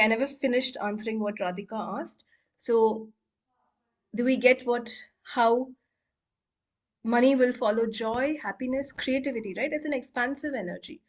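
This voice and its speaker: A woman coach leading a casual group call, chatting and laughing, and rattling off repeated clearing phrases in a quiet murmur. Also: on the high side. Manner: chatty, laughs often, acts out quoted voices. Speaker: healing coach and facilitator.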